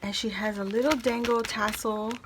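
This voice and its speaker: Brief: woman craft vlogger, higher voice, effusive and gushing, paper crinkling heard behind her. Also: moderate pace, noisy background. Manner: gushing, excited exclamations. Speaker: craft vlogger opening mail. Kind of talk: casual unboxing chat.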